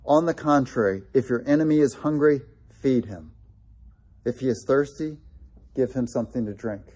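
A man's voice: mid-range voice, moderate pace, warm tone, breathy edge. A man preaching a sermon, earnest and emphatic, repeating key phrases to drive them home. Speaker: pastor.

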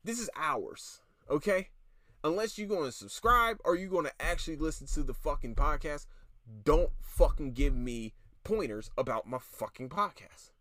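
Podcast host, male, fed-up solo rant, profane with stammered restarts, slightly high and very animated voice, dry close sound. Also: normal speed, dry recording. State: tired. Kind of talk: casual ranting monologue.

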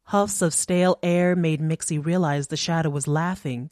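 A woman narrating a short story in an audiobook reading, measured and even. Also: low voice, dry recording, clean studio sound.

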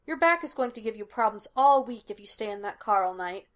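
A woman reading the lines of a cocky, quick-witted young male detective in a fan fiction podfic. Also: medium pitch, lively intonation, natural voice. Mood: teasing. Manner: breezy and teasing.

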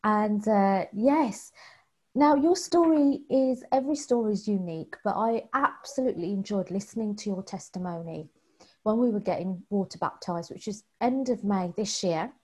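A woman hosts the conversation and guides her guest with encouraging questions. Her voice is mellow and soft, with a breathy quality. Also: medium pitch, normal speed, poor audio. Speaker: podcast host. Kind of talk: interview hosting.

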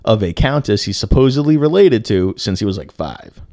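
A young man co-hosting a podcast, telling a story casually with lots of swearing and filler words and bursts of loud disbelief. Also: on the low side, very animated, a little fast, no room sound, studio quality. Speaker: podcast co-host.

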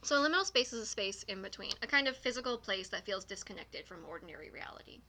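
A young woman from Nova Scotia co-hosting a podcast in casual chat, animated and quick to laugh, swearing now and then. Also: medium pitch, background noise. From Nova Scotia, Canada. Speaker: podcast co-host.

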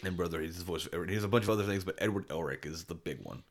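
Male podcast co-host, very low voice, rambling enthusiastic chat. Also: racing. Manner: rambling, enthusiastic, many restarts and fillers. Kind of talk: casual chat.

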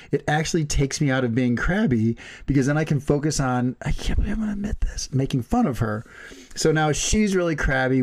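A man's voice: mid-range voice, a little mellow. A man from the US Midwest co-hosting a podcast, chatting casually, teasing, laughing often and swearing. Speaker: podcast co-host. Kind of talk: casual chat.

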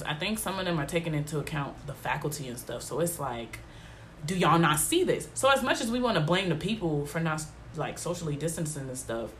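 Congested from allergies, a young woman hosts a casual solo podcast in an emphatic, exasperated style heavy with slang fillers. Her voice is fairly low in pitch with a fairly bright tone, and there's slight background noise.

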